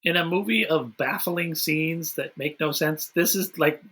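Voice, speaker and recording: A man's voice: fairly high pitch, measured pace, bright, forceful tone, slightly rough. A man hosting a podcast in casual chat, recapping a film's plot in a dry way. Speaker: podcast host.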